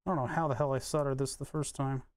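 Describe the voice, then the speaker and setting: A man's voice: medium pitch, steady tone, fast, dry recording, studio quality. A man live-streaming as he solders electronics, muttering to himself and answering questions from chat in a casual, rambling way.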